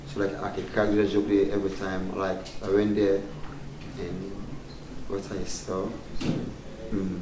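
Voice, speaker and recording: A man's voice: on the low side, mellow. A man, a comedian chatting casually in an interview, laughing often. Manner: laughs often, broken pidgin-tinged phrasing. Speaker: comedian guest. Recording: roomy sound from far off, faint background noise.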